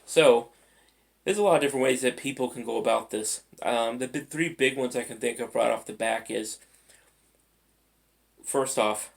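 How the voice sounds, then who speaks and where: A man's voice: mid-range voice, moderate pace, vocal fry, pauses often. A man mentoring listeners in a casual, conversational motivational talk, acting out everyday scenarios as he goes. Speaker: life mentor.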